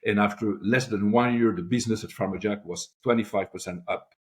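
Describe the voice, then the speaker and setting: An older man, a podcast guest telling animated stories with many restarts. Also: fairly low pitch, brisk. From Europe. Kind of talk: anecdotal storytelling.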